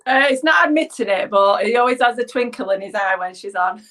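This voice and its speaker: A woman's voice: mid-range voice, lively intonation, fairly quick, fairly bright tone. A woman from England speaks with a Yorkshire accent. She rambles chattily between makeup steps and often slips into a giggle. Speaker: guest. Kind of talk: casual chat while doing makeup.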